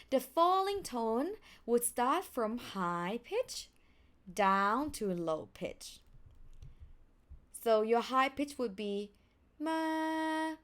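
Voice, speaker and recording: A young woman with a Thai accent teaching pronunciation, acting out sounds with big swings in pitch. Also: fairly bright tone. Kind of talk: pronunciation lesson.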